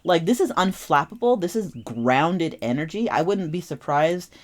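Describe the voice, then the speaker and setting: A woman's voice: fairly low pitch, expressive, normal speed. A young adult woman giving a casual tarot reading, talking animatedly and repeating phrases for emphasis. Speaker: tarot reader.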